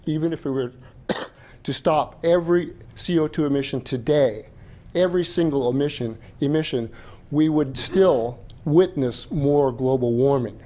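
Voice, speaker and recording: A man's voice: fairly high pitch, unhurried, warm tone. An older man giving an earnest, emphatic public comment at a county board meeting.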